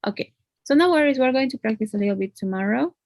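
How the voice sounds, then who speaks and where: A woman's voice: fairly high pitch, animated, fast, darkish tone, dry recording. A woman teaching English grammar one on one, explaining patiently and checking in with tag questions.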